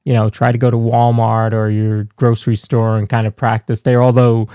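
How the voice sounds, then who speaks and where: A man co-hosting a podcast interview, asking questions in a relaxed, conversational way. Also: medium pitch, moderate pace, smooth, dry recording. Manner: conversational, asks questions at length. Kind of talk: casual interview chat.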